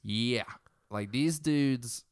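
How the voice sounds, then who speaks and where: A man's voice: mid-range voice, very slow, clean tone. A young man casually retelling a tense story in a profane, rambling way.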